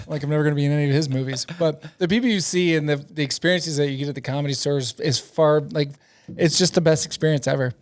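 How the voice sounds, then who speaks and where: A man's voice: a little high, fairly even intonation, fast. A middle-aged man, a comedian guest telling rambling, profane stories in a casual interview, laughing often.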